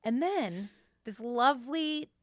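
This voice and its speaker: A woman's voice: on the high side, takes it slowly, dry recording, studio quality. Blunt, profane woman co-host. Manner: blunt, profane, animated storytelling. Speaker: podcast co-host. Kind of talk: casual chat.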